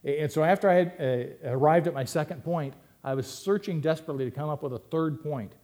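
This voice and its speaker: Fast and on the high side, with a darkish tone, a pastor reads scripture to his church and explains it conversationally, adding emphatic rises and asides.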